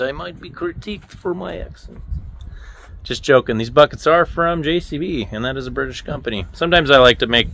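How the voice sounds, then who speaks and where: A man's voice: a little high, animated, fairly quick, gravelly, a bit bright. A man casually narrating an equipment dealer's vlog, chatty and self-joking, thinking aloud as he works around a yard and shop.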